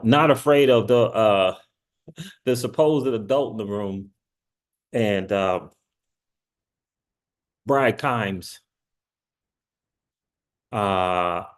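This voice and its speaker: Male channel host, casual and rambling, animated with frequent laughs and sudden excited rises in pitch. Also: slow, pauses often. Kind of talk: casual livestream commentary.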